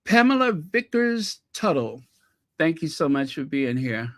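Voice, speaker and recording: A man's voice: a little high, expressive, measured pace, a bit bright, dry recording. A man hosting a casual livestream, greeting viewers by name from the chat with playful, mock-posh asides. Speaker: channel host greeting live chat.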